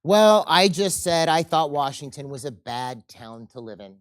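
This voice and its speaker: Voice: mid-range voice, expressive, measured pace, natural voice. A presenter doing a timid, stammering fearful man. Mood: meek needling. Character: timid, fearful man who needles others. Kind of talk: acted quote within a seminar lecture.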